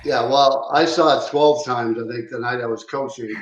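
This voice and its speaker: A man's voice: medium pitch, steady tone, moderate pace. A middle-aged male co-host tells a story in an easygoing, casual way. His voice rings in a roomy space and sounds a bit muffled. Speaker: podcast co-host, former hockey coach. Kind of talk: casual chat.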